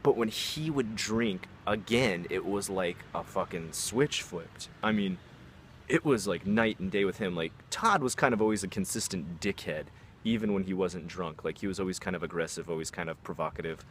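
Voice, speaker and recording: A man's voice: low voice, normal speed, fairly bright tone, slight background noise. A young man telling a personal story in a casual, rambling way, with many fillers and asides.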